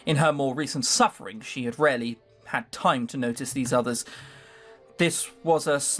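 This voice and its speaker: A man's voice: fairly high pitch, fairly bright tone. Sardonic man reading a visual novel aloud. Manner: sardonic, swearing asides. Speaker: let's play host reading a visual novel.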